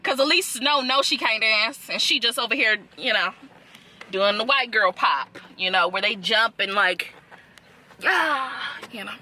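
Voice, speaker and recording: A woman's voice: a little high, moderate pace, bright, forceful tone. A young woman hosting a reaction video, talking in a sassy, profane, laughing way. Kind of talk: casual reaction chat.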